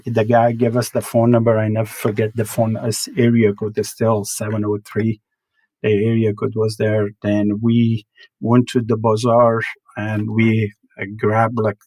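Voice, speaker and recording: A man tells his story in halting, earnest English full of broken grammar. His voice sits low and gravelly, with a flat, even delivery. The sound is close and dry. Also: no room sound, poor audio. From Afghanistan. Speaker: podcast guest. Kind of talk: personal life story in interview.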